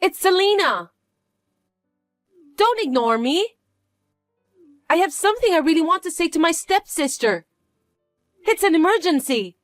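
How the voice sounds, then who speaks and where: A woman's voice: very high-pitched, very animated, unhurried, pauses often, no echo, studio quality, faint music behind, pitched above the performer's own voice, exaggerated voice. A woman voicing a spoiled, boastful young stepsister who talks in a condescending, whiny and demanding way. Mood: smug, bratty. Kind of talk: dramatized story reading.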